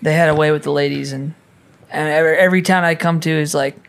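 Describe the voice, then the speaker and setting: A man's voice: fairly high pitch, quick pace, gravelly, smooth. Chatty man with a raised voice. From Minnesota. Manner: animated storyteller, swears freely. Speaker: podcast guest, musician. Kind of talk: casual chat.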